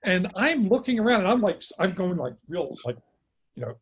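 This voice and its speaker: A man telling a story in a casual chat on a video call, acting out the quotes with lively energy. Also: high-pitched, a little fast. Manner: animated, acts out quotes. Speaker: guest author.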